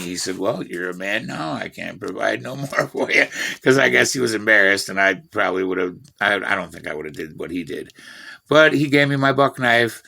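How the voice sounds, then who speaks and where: Man, 50s, from Washington State, gravelly, bright, profane, boastful, rambling storyteller. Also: on the low side. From Washington State, USA. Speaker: vlogger.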